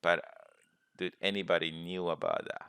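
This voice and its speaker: Brief: male webinar host, low voice, dry close mic, rambling with fillers. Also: fairly even intonation, moderate pace, gravelly, fairly bright tone, smooth, no room sound. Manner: rambling, many fillers and self-corrections. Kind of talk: casual live screen-share lesson.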